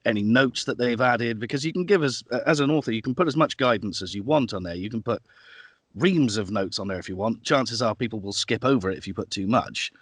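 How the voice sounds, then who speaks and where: A man's voice: mid-range voice, fairly quick, no echo, studio quality. A man, an audiobook narrator, explaining his work at length in a casual interview. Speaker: guest, audiobook narrator and producer.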